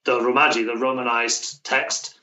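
A man's voice: medium pitch, level tone, normal speed, sharp tone. A British man chatting as an interview guest, talking in a loose way with many restarts and fillers. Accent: British English. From Britain. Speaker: guest, language coach. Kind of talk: casual interview chat. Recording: roomy, distant, dull remote-call sound.

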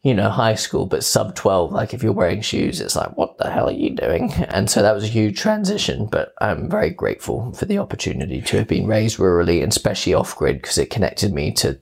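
A man in his twenties, from England, answering interview questions casually and telling stories with lively quoted voices. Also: lowish voice, fairly quick, vocal fry, few pauses, husky. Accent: English with Australian touches. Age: 20s. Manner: animated storytelling with playful quoted voices. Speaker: guest.

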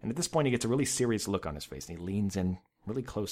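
A male podcast host telling a story about himself in an animated, self-mocking way. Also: fairly low pitch, fast, hardly any pauses. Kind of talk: storytelling monologue.

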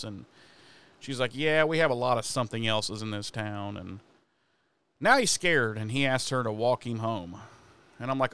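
A man's voice: mid-range voice, moderate pace, fairly bright tone, clear, resonant tone. A man casually recapping a TV episode as a podcast co-host, swearing freely and acting out the characters' lines.

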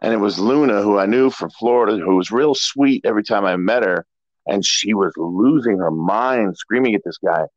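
Low-voiced man telling road stories. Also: normal speed, dry recording. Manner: relaxed, rambling storyteller. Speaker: interview guest, former pro wrestler. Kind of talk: casual storytelling interview. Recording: dull lo-fi dry audio.

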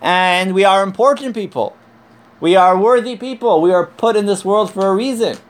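A man's voice: sits high, moderate pace. A man teaching a conversational Torah class from sources, earnest and emphatic, repeating his points and telling a joke to make them.

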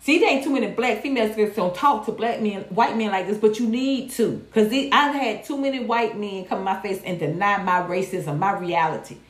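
A woman talks straight to her livestream viewers, blunt and profane with animated swings. Her mid-range voice carries a roomy echo. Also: mid-range voice, fairly quick, few pauses. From Georgia, USA. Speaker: livestream host. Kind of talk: candid casual commentary.

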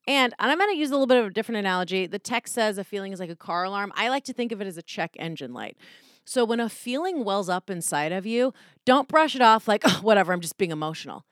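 A woman talks through a self-help idea in a loose, candid way, swearing freely and slipping into quoted voices as she goes. Her pitch sits in the middle, and the sound is dry with no room around it. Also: no room sound. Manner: candid, profane, animated, acts out quoted voices. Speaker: podcast host. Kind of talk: casual self-help talk.

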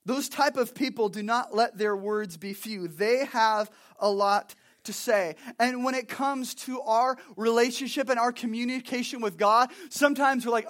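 A young man with a notably high voice delivers a sermon, talking to the congregation as if chatting with friends. He is animated and casual, slipping into acted-out asides and then dropping back to plain talk. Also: normal speed. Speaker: pastor.

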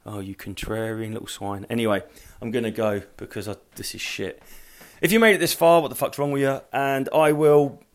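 A middle-aged man talks through a solo podcast while wandering around his house. He is hungover, hot and worn out, rambling and swearing as he mocks himself, and his pitch swings widely in a lively way. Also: fairly quick. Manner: rambling, sweary, self-mocking. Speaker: podcast host. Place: at home, walking through rooms.

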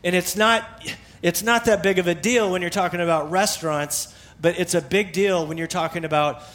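Man, pastor, sermon, middle-aged, a bit high-pitched, conversational, emphatic repetition. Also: steady tone, moderate pace, a bit bright.

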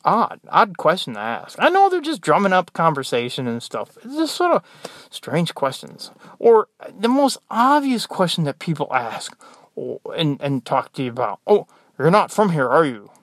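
A man's voice: on the high side, wildly swooping pitch, normal speed, a bit bright, no echo, studio quality. An American man who works as a nurse, talking in a rambling, exasperated, joking monologue. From United States. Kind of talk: casual monologue.

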